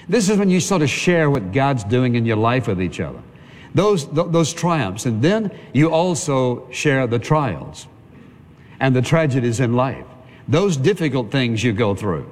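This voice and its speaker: A man's voice: medium pitch, very animated, normal speed, darkish tone. A man preaching a sermon as pastor, earnest and conversational, piling up repeated phrases. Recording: long reverb of a big hall.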